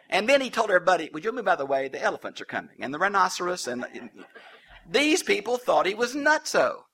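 A man's voice: on the high side, pushed and bright, husky. A man preaching a Bible teaching sermon, folksy and humorous with colloquial asides.

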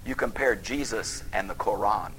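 A man's voice: on the low side, moderate pace, a bit bright, low-quality recording. A man teaching the Bible in a folksy, emphatic sermon style that flares into heated outbursts.

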